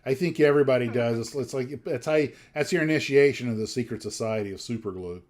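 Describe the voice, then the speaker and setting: A man's voice: mid-range voice, fast talker, a little mellow. A man hosting a casual livestream chat, rambling along with lots of fillers and restarts. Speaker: livestream host.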